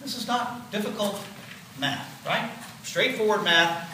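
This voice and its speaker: A man in his sixties delivers a physiology lecture in a high, bright, pushed voice that runs a little slow. He explains step by step, repeating key points with "okay?" and "right?", captured by a distant mic in a roomy hall with faint noise.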